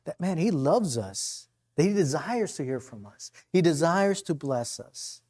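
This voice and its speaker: A middle-aged male pastor preaching a conversational, impassioned sermon, swinging from loud declarations to hushed asides. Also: a little high, very animated, measured pace.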